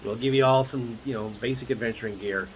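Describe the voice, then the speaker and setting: A man quoting a blunt deep gnome priestess. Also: fairly even intonation, fast talker, a little hiss or hum, lightly acted, rough recording. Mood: generous.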